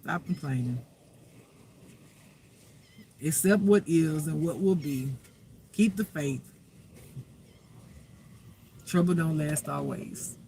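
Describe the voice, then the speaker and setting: High-voiced, preachy spiritual teacher man. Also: slow pace, gravelly, long pauses, mellow, slight background noise. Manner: preachy, emphatic, fires rhetorical questions. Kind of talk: spiritual reading monologue.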